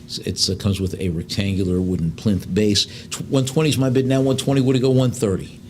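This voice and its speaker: A man working as an auctioneer in a live sale, reading out lot descriptions and then calling bids in quick runs. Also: on the low side, little pitch movement, a little mellow, a little hiss or hum. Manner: fast bid calls between slower lot descriptions, with fillers.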